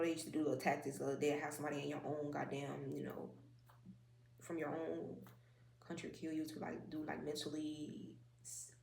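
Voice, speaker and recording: A woman's voice: sits low, vocal fry. A woman giving a casual spiritual oracle card reading in a rambling, conversational way, with many fillers and asides. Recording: echoey room, faint noise.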